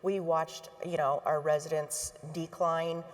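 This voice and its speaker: A middle-aged woman with a somewhat low voice speaks earnestly from a stage. Her delivery is heartfelt and steady. A long hall reverb trails her words. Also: unhurried. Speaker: healthcare association board chair. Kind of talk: onstage talk to an audience.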